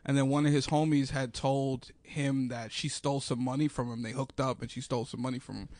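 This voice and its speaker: A man's voice: medium pitch, flat delivery, fairly quick, a little mellow, no room sound. A man co-hosting a comedy podcast, slangy and profane, retelling stories through quoted dialogue. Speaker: podcast co-host. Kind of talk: crude comedic podcast banter.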